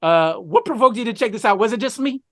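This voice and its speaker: A man's voice: high voice, expressive, fast, no room sound, studio quality. A man co-hosting a casual film review, talking enthusiastically with lots of fillers and asides. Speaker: podcast co-host.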